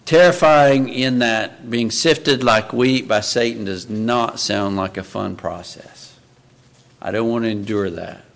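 A man's voice: mid-range voice, slow, gravelly. A man preaching a sermon in an earnest way, often asking his listeners rhetorical questions.

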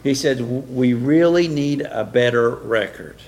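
A man's voice: mid-range voice, measured pace, darkish tone. A man giving a sermon-style lecture, emphatic and full of rhetorical questions, with frequent fillers and restarts. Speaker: preacher.

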